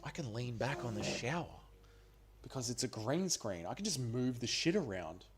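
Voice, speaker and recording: A man's voice: mid-range voice, animated, moderate pace, a little hiss or hum. A man hosting a casual livestream watch party, tipsy and rambling loosely with plenty of swearing. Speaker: livestream host.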